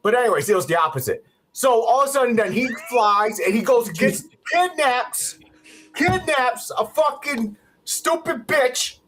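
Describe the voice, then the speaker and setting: A man's voice: very high voice, normal speed. Guy ranting on a podcast, cursing nonstop, voice jumping all over, home mic. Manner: profane, heated, animated ranting with laughs. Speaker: podcast co-host. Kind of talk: casual ranting movie recap.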